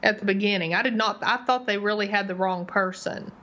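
A woman's voice: medium pitch, a little fast. Woman recapping a TV episode. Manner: animated storyteller, retells scenes in detail. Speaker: podcast co-host. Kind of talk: casual TV recap chat. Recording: slightly dull lo-fi recording.

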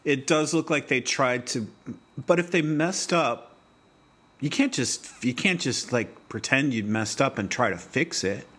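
A man's voice: medium pitch, expressive, a little slow, a bit bright, husky. A man co-hosting a podcast, talking casually in a wry, rambling way with frequent restarts. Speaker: podcast co-host. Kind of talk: casual chat.

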